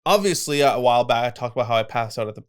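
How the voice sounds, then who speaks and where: A young man co-hosting a podcast in casual chat, animated, laughing often and swearing freely. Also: medium pitch, rapid-fire. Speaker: podcast co-host.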